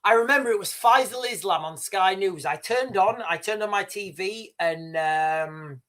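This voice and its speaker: A man's voice: sits high, lively intonation, moderate pace, hardly any pauses, fairly bright tone. A man holds forth on his livestream in a heated, emphatic rant. He swears freely and trips over his words, restarting and repeating himself as he pushes his point. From United Kingdom. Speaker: livestream host. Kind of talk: impassioned political livestream rant.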